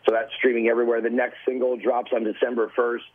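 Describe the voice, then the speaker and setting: A man in his forties calling into a radio show by phone, a relaxed, chatty storyteller. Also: medium pitch, fast, slightly rough, phone-quality sound. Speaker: celebrity guest calling in. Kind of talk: phone interview.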